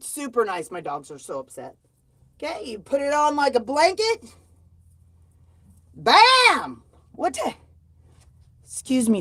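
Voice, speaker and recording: High-voiced joking woman on a live stream. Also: dry recording. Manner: folksy, joking, self-mocking. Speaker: live streamer selling handmade blankets. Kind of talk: casual live-stream chat.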